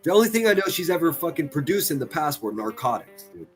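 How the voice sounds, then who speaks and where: A man's voice: fairly high pitch, very animated, quick pace, faint music behind. A man hosting a livestream, giving crude, sarcastic reaction commentary and mocking what he plays. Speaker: commentary streamer host.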